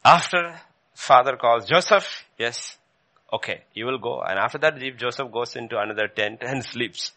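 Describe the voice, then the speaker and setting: A man's voice: mid-range voice, normal speed, bright, forceful tone. A male preacher giving a sermon, emphatic, repeating phrases and rising sharply whenever he quotes questions from scripture.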